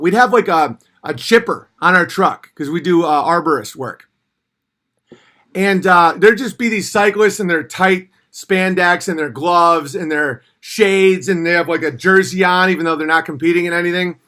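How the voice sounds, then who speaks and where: With a high-pitched voice, a man runs a laid-back livestream where he reads comments from viewers. His replies are blunt and profane, delivered animatedly and occasionally rising to a shout.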